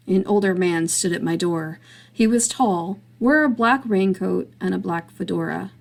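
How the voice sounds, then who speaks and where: Gravelly woman reading a story. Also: lowish voice. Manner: steady, measured storytelling. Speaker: author narrator.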